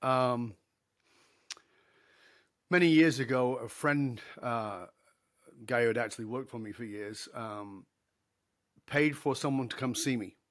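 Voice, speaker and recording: A man's voice: mid-range voice, unhurried, pauses often, fairly bright tone. A middle-aged man, a podcast guest, telling a story in an interview, acting out the dialogue and laughing easily.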